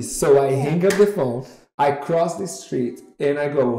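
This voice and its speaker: Animated man telling a story. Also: a little high, measured pace, gravelly, a little hiss or hum. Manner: animated, acts out quoted voices. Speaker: model agent guest. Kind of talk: storytelling in a podcast interview. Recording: echoey room.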